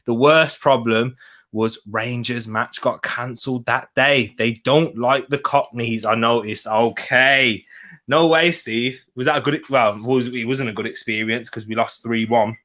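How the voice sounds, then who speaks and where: A man's voice: mid-range voice, steady tone, a little slow, bright, forceful tone. A young man hosting a casual football watch-along, chatting to viewers while eating and laughing often. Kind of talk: casual live-stream chat reading comments.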